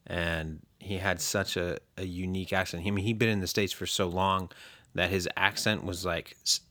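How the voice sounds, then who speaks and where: Low voiced guy with a punchy bright tone, co-hosting a podcast, chill and reflective, dry sound. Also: moderate pace, no echo. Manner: relaxed, reflective, brief interjections. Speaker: podcast co-host. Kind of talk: casual podcast chat.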